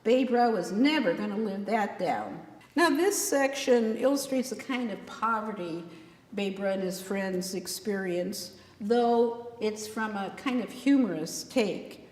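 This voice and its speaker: A woman's voice: medium pitch, animated, unhurried. A woman author reading her own novel aloud, acting out the dialogue with shifting voices. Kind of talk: dramatic book reading. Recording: echoey room with long reverb.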